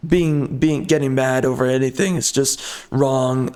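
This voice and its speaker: A man's voice: mid-range voice, fairly even intonation, measured pace, few pauses, a little mellow, clean tone. A man hosting a gameplay video, ranting in an angry, sarcastic and mocking way. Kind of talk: ranting commentary over gameplay.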